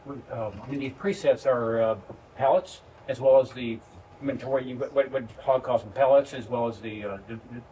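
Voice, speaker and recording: A man's voice: medium pitch, fairly even intonation, normal speed, warm tone. Hesitant man asking questions from afar. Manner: hesitant, searching for words. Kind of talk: casual questions. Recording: distant mic with faint noise.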